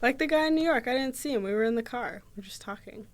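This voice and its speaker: A woman's voice: a little high, animated, fast talker. A young woman guest on a podcast, laughing often and chatting casually with many fillers. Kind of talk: casual chat.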